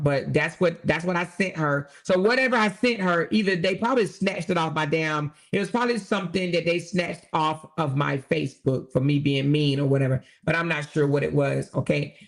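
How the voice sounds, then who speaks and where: A woman's voice: sits low, steady tone, normal speed, creaky. Blunt, profane woman vlog host. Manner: blunt and profane, sassy asides; reads text messages aloud. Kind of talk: commentary vlog.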